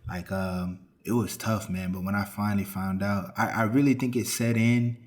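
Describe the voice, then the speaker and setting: Very deep, flat-voiced earnest man. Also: moderate pace. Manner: earnest, reflective, many fillers. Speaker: interview guest. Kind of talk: casual interview chat.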